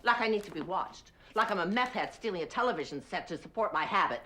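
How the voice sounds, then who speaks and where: A woman's voice: on the low side, expressive, fast, fairly bright tone, slight background noise. An actress playing a haughty, formal older mother who speaks in a clipped, imperious way in a TV comedy-drama. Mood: indignant.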